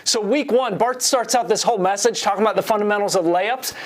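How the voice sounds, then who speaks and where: A man in his forties preaching a sermon, telling a self-deprecating story in an animated way. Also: high-pitched, fast talker. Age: 40s. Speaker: pastor.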